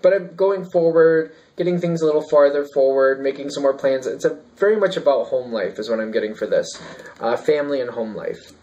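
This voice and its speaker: A man's voice: medium pitch, a little fast, dark tone, muffled recording. A man giving a casual tarot reading, thinking aloud and rambling with fillers and restarts. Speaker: tarot reader.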